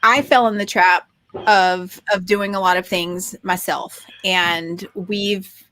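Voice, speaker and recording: A woman's voice: mid-range voice, steady tone, slow, fairly bright tone. A woman co-hosting a podcast in casual chat, talking with eager enthusiasm and many restarts and fillers. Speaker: podcast co-host.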